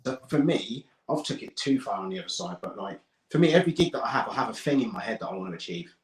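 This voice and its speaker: A British man, a guest comedian, chatting in a relaxed, rambling way and often tagging his points with "right?". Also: mid-range voice, fast talker, roomy sound. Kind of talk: casual chat.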